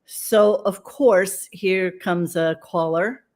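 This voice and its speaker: A woman's voice: fairly low pitch, slow, a little mellow. Chatty woman co-host, blunt. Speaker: podcast co-host. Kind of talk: casual chat.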